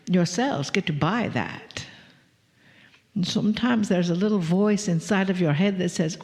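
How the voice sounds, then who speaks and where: A woman channeling a spiritual message to a live audience, slow and breathy, slipping into whispers. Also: mid-range voice, lively intonation, long reverb tail. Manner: slow and breathy, drifting into whispers with soft laughs.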